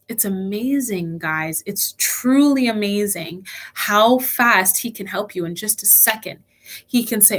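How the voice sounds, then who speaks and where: A woman's voice: mid-range voice, unhurried, a bit bright. A young woman leading a children's church lesson online, telling a personal story earnestly with frequent restarts.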